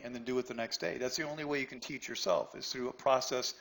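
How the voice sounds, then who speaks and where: A trading instructor teaches a live online class with a mid-range, steady, creaky, slightly bright voice at a quick pace. Blunt, pushy, and challenging, he addresses students by name, often tags on "right?", and stammers when restarting.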